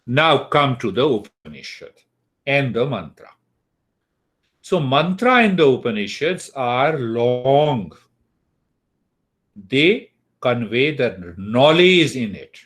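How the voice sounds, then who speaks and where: A man teaching an online class on mantras, speaking deliberately and checking in with his students. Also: mid-range voice, big pitch swings, fairly bright tone. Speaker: spiritual teacher.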